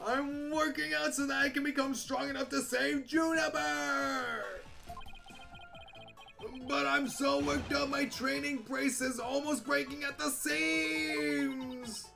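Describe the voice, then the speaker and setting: A man voicing a loud, hyper-energetic young male student who boasts about being manly, shouting his lines while reading game dialogue. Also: very high-pitched, takes it slowly, gravelly, over music, voice pushed up, full character voice. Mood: boisterous. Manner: shouting, boastful, over-the-top enthusiasm.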